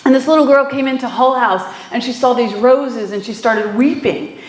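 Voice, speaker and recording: High-voiced woman preaching in an echoey hall. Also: normal speed. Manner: conversational, warm storytelling with fillers and laughs. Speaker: minister. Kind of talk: sermon. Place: small church hall. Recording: echoey room.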